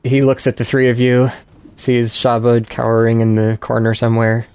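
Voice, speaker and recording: A man narrating a tabletop game as game master, describing scenes in a relaxed way. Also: mid-range voice, moderate pace, clear, resonant tone.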